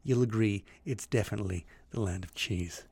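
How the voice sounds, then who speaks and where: A man co-hosting a podcast, reading old newspaper clippings aloud in a brisk, animated way and chatting loosely in between. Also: fairly low pitch, vocal fry, breathy edge. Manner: reads quotes in a brisk, animated way, then chats loosely. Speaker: podcast co-host.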